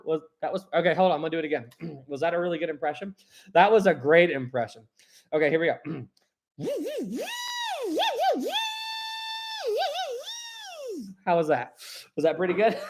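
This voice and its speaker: A young man hosting a casual live stream, reading viewer comments aloud and rambling chattily with frequent laughs. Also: on the high side.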